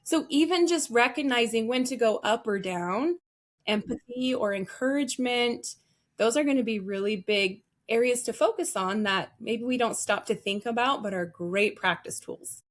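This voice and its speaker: A woman coaching listeners on how to sound on the phone. Her voice sits a little on the high side, and she talks with energy and plenty of emphasis, like a trainer explaining her craft in an interview. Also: moderate pace. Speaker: guest, customer service voice trainer. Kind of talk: podcast interview answers.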